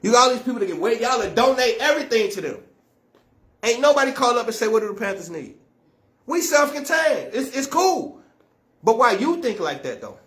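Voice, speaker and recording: High-pitched man scolding, profane and blunt. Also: very animated, brisk, fairly bright tone. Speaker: activist speaker. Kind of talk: impassioned monologue to camera.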